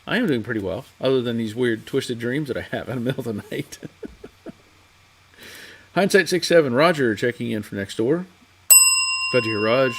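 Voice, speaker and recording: A man's voice: medium pitch, slight background noise. Male garage livestream host; rambling, chatty, reads viewer comments. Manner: rambling, chatty storyteller with frequent restarts. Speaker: livestream host of a classic car garage show. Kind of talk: casual chat, reading out viewer comments. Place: home garage workshop.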